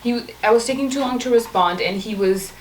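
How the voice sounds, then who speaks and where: A young woman chats as a talk show guest, telling a story with lively, acted-out bits. Her voice sits a little high and comes from a step back off the mic. The studio sounds roomy, with a faint hiss behind her. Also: a little fast, far from the mic. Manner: animated, acts out the man's pleading texts. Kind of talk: casual storytelling chat.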